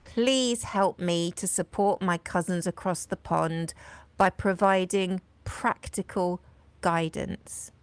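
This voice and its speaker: A woman's voice: fairly low pitch, steady tone, slow pace, clean tone, no room sound. A woman hosting a late-night live video café, reading verse with swelling emphasis and signing off with cheerful, blunt swearing. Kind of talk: live-stream chat with poetry reading and prayer.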